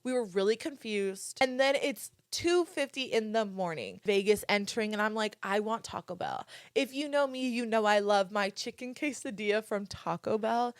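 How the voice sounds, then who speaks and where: A woman's voice: on the high side, clean tone, no room sound, clean studio sound. A young woman hosting a podcast, telling a story in casual chat, drawling and stretching her words so they sound a bit slurred, swearing freely and talking to listeners. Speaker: podcast host.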